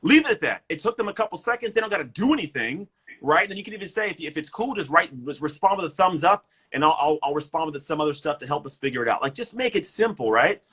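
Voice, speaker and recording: Fast, bright-voiced motivational man. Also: fairly high pitch, slightly rough, low-quality recording. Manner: energetic, emphatic, repeats words. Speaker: motivational speaker and coach. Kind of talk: casual motivational talk. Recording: livestream guest.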